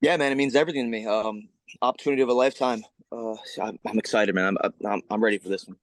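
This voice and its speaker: Fast-talking low-voiced fighter man. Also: dry recording. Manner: excited, profane, repeats words. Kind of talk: casual press call talk.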